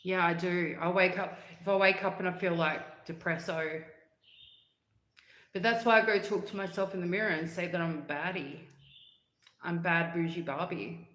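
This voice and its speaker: A woman hosts a casual livestream and chats with viewers in an upbeat, easygoing way. She laughs often and breaks into hummed snippets of songs. Her voice sits on the low side, and the room around her is echoey. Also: fairly even intonation, moderate pace, fairly bright tone. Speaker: livestream host. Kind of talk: casual livestream chat reading comments.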